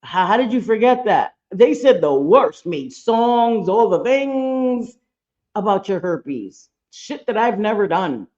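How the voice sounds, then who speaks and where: A woman's voice: medium pitch, very animated, slow, a little mellow. Blunt, fired-up woman streamer, lo-fi sound. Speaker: reaction streamer host. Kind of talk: live reaction commentary.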